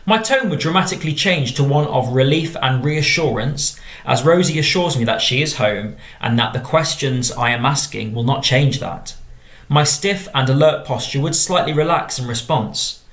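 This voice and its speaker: A man with an English accent, a drama teacher reading out and explaining model exam answers in a measured tone. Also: medium pitch, expressive, fairly bright tone. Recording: echoey room.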